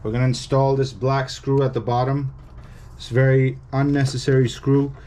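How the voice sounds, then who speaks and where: A man's voice: mid-range voice, little pitch movement, normal speed, mellow. A man walking viewers through a hardware repair step by step, in a casual, instructive way that stresses the warnings. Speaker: repair technician.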